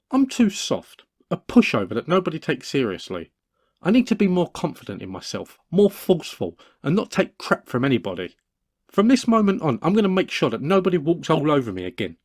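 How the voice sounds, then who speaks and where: A man's voice: a little high, wildly swooping pitch, fairly quick, darkish tone, dry recording, studio quality, full character voice. A man voicing a stubborn young man who gets pushed around, defensive and blustering when questioned. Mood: determined. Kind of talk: cartoon voice acting.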